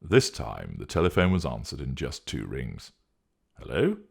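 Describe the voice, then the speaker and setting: A man narrating a story in a steady, measured reading voice. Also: extremely low pitch, vocal fry, breathy edge.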